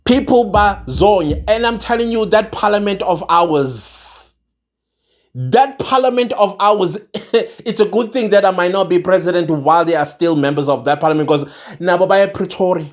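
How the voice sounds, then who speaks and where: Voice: medium pitch, moderate pace. Angry South African vlogger, emphatic rant to camera, repeats key phrases. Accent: South African, mixing isiZulu. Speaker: online commentator. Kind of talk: impassioned rant to viewers.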